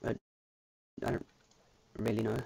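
A man's voice: measured pace, mellow. A man chatting casually on a game livestream, rambling and restarting his sentences, with the odd casual swear word. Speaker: streamer.

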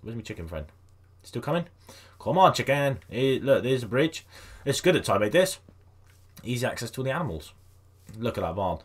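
A man giving casual let's-play commentary on a game, chatting to his viewers and coaxing animals along in a high sing-song voice. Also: big pitch swings, brisk, pauses often, husky. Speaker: gaming video host.

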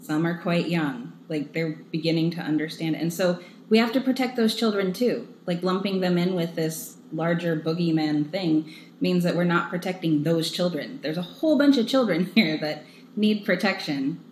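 A low-voiced woman talks earnestly and openly, filling her thoughts with "like" and "um." The sound is echoey, with a light hiss underneath. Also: normal speed, a little mellow. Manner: earnest, personal, uses "like" often. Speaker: foundation staff member. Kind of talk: candid interview answers. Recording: echoey room with faint hiss.

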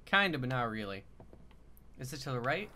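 Very deep woman's voice, joking game commentary, swears freely, noisy recording. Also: sing-song, normal speed. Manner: joking, swears a lot, playful sound effects. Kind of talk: casual gameplay commentary.

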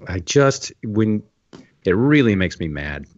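A man co-hosting a casual podcast chat, telling stories in an animated way. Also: lowish voice, takes it slowly, no room sound. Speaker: podcast co-host. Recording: dry muffled lo-fi.

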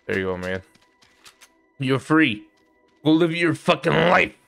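A man's voice: on the high side, very animated, measured pace, vocal fry, faint music behind. A man streaming a shooter game, swearing and complaining about his health as enemies kill him. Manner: frustrated, swearing, yelling at the game. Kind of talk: casual gameplay commentary.

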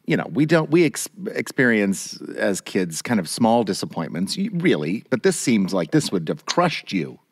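A man hosting a podcast interview, responding warmly and emotionally to his guest's stories. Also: lowish voice, sing-song, moderate pace, few pauses, slightly rough. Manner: warm, encouraging, emotional reactions. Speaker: podcast host. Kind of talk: casual interview.

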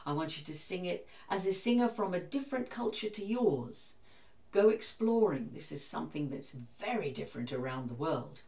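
A woman giving a vocal coach's step-by-step singing lesson, with calm, encouraging instructions. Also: sits low, normal speed, vocal fry, echoey room, distant mic.

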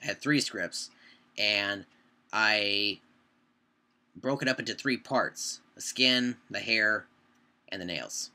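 A young man chats to the camera about his videos in a loose, rambling way, stopping often to fix his own words. His voice is fairly low but very bright and edged. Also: slow pace, pauses often. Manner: rambling, self-correcting. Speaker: YouTube creator. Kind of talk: casual talk to camera.

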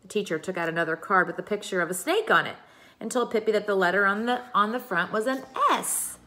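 A woman reading a children's chapter book aloud, expressive and steady. Her voice sits in a mid range and carries the story along plainly. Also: medium pitch, fast. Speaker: reader.

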